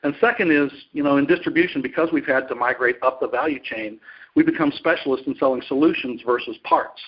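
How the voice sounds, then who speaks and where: A man's voice: a little high, breathy edge. Man explaining business points, muffled audio. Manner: measured, explanatory, frequent fillers. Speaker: industry executive guest. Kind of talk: business interview.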